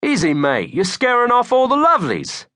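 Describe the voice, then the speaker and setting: A man's voice: extremely high pitch, wildly swooping pitch, normal speed, bright, forceful tone, no echo, clean studio sound, voice pushed up, heavily acted. A man voicing a cocky young guy who puts on a fake British accent and whines when exposed. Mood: smarmy. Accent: put-on British. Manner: whiny, cocky.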